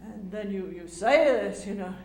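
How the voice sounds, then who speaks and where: An older woman telling stories in a casual, animated way, acting out quotes with lots of fillers and restarts. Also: mid-range voice, normal speed, roomy sound. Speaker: speaker recounting memories. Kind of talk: casual storytelling talk.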